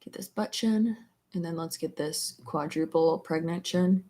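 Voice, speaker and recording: A woman's voice: low-pitched, measured pace, mellow. A woman livestreaming as a beauty creator, chatting casually while she does her makeup, rambling with lots of filler words.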